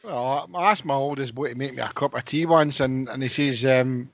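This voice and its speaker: A man's voice: medium pitch, brisk, few pauses, dull audio, a little hiss or hum. A man, a panelist telling wry stories about his sons. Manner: wry storyteller. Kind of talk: casual chat.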